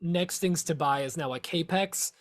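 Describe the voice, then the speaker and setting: A man co-hosting a podcast who trades quick, teasing banter with the others. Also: fairly high pitch. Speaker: podcast co-host. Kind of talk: casual chat.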